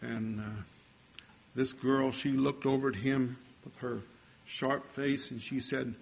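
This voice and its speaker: A man's voice: medium pitch, steady tone, slow pace, vocal fry, husky. An older man preaching a sermon, telling a story in a folksy way and building to fervent exhortation.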